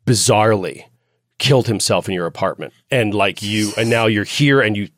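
A man's voice: normal speed, no room sound, clean studio sound. A man narrating a tabletop horror game as game master, describing scenes in the second person. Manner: second-person scene narration, dropping low for grim moments.

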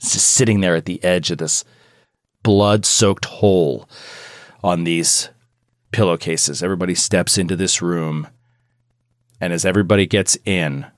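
A man's voice: sits low, fairly even intonation, a little slow, long pauses, no echo, studio quality. A man narrating a tabletop horror game as game master, describing scenes in a loose, casual way. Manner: descriptive, loose, with fillers and chuckles.

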